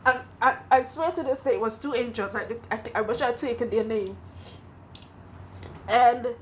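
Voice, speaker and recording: A woman's voice: a little high, moderate pace, slight background noise. Trinidadian woman telling her story. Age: 20s at surgery, now older. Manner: candid, rambling, restarts often. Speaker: hairstylist and vlogger. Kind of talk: emotional personal testimony.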